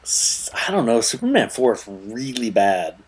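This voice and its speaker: A man's voice: mid-range voice, big pitch swings, moderate pace, husky. A man co-hosting a casual podcast, joking playfully and reacting to his co-host. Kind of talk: casual chat.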